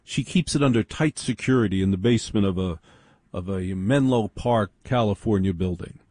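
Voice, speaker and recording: A man telling a story in a wry, digressive monologue with a dry sense of humor. His voice is low, mellow and husky. The sound is close and dry. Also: moderate pace, dry recording.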